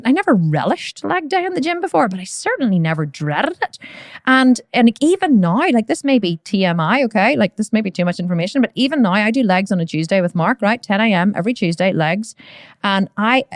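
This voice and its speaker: Chatty female podcast host, mid-range voice, lively storytelling, dead-dry room sound. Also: mid-range voice, dry recording. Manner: animated storyteller, acts out shouts and strain; chatty, frequent fillers like "you know" and "right".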